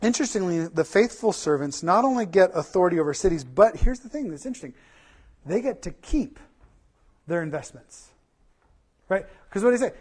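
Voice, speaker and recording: A man preaches a sermon with a fairly high voice. He drives his points home through repeated lists and rhetorical questions. His delivery is animated and conversational. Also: fairly quick. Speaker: pastor.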